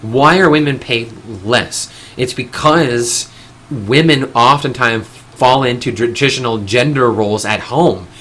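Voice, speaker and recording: A man's voice: medium pitch, measured pace, a bit bright. A man hosting a live stream, talking in an opinionated, rambling way with frequent restarts and casual swearing.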